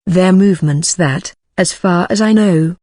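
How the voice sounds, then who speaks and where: A text-to-speech voice narrating an audiobook in an even, mechanical way. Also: medium pitch, a little slow, no room sound, clean studio sound.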